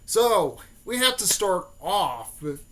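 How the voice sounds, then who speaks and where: A man's voice: sits high, sing-song, slow, pushed and bright. A young man casually retelling a made-up story for his video channel, rambling with lots of fillers and restarts. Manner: rambling, many fillers and restarts, keeps adding "there" and "mostly". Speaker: YouTuber. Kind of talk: casual fan-theory storytelling.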